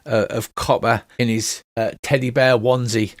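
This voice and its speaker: A man's voice: mid-range voice, little pitch movement, moderate pace, dry recording. A man narrating as game master for a tabletop game, hesitant and full of filler sounds.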